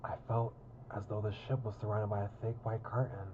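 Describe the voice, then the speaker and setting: A man's voice: on the low side, flat delivery, a little fast, dull audio, noisy background. A man reading through a visual novel on stream, narrating and chatting about it in a rambling, casual way with lots of fillers. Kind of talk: casual game commentary and narration.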